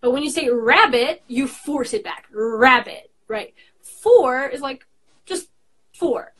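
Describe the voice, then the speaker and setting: A woman's voice: high-pitched, expressive, measured pace. Chatty young woman on a video call. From Bosnia. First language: English. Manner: chatty, with frequent fillers and laughs. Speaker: guest. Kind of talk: casual video-call interview.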